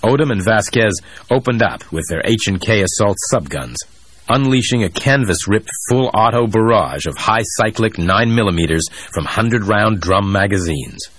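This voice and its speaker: A man narrating a thriller audiobook in a steady, even storytelling voice, recorded close on a studio mic. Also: fairly low pitch, moderate pace, husky.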